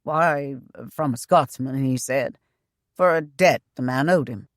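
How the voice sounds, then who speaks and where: A woman's voice: a bass voice, measured pace, no room sound, pitched below the performer's own voice. A woman voicing a thin, nervous male agent who stammers and flusters, in a dry recording. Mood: flustered.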